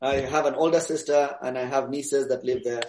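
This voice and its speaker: A man answering interview questions in a casual, relaxed way, pausing often with fillers. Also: medium pitch, roomy sound, a little hiss or hum. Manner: relaxed, hesitant with many fillers. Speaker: interview guest, DJ.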